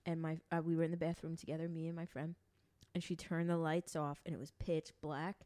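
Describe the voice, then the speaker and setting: A young woman telling stories in casual chat with friends, animated and swearing casually. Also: deep voice, fairly quick.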